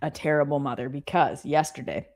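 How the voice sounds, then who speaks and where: A woman's voice: low voice, a little fast, soft background music. A woman in her thirties chatting casually as a co-host, telling stories animatedly and acting out the voices. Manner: animated storyteller, acts out voices. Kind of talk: casual chat.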